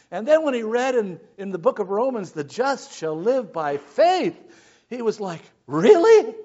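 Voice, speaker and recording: A man preaching a sermon, swinging between hushed lines and shouted ones. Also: sits high, dull audio. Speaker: pastor.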